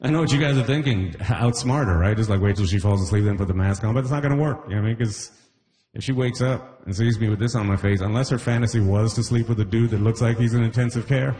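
A man's voice: lowish voice, fast talker, mellow. A Caribbean-born man performing a stand-up comedy set, chatty and loose, tossing in "you know what I mean" often.

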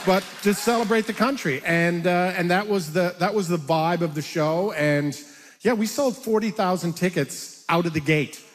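An older man from Canada, a comedian guest telling animated anecdotes in an interview and acting out voices. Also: high voice, normal speed, big-room sound, noisy background. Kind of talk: storytelling interview chat.

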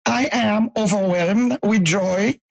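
A woman's voice: mid-range voice, slow, gravelly, dry recording, low-quality recording. A woman from Haiti, an event organizer, speaking effusively as a tired radio interview guest and often reaching for words. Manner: effusive, searching for words with many fillers.

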